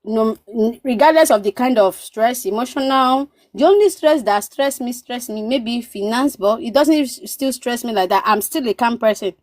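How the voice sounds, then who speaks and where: A Nigerian-born woman tells stories in a lively, animated way, often repeating words for emphasis and acting out what others said. Her voice sits a little high, and the recording is dry and close, with no room echo. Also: normal speed, hardly any pauses. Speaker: guest. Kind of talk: casual storytelling chat.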